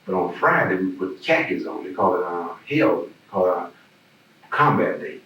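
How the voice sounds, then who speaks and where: A man's voice: sits low, lively intonation, moderate pace, fairly bright tone. A man with a Southern American accent telling stories in a casual oral history interview, rambling and repeating words. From Birmingham, Alabama. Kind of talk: casual storytelling. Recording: echoey room, distant mic, faint hiss.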